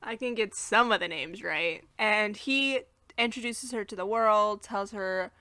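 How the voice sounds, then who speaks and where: American woman podcast co-host, bright tone, dry close mic, loose and chatty. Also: mid-range voice, unhurried, no room sound. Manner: chatty, laughs at her own slips, recaps plot. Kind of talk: casual movie review chat.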